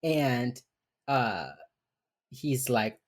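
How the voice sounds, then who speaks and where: A woman's voice: rumbling low, lively intonation, drawn-out words, slight background noise. A woman co-hosting a podcast, rambling through a TV episode recap, swearing casually and laughing often. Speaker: podcast co-host.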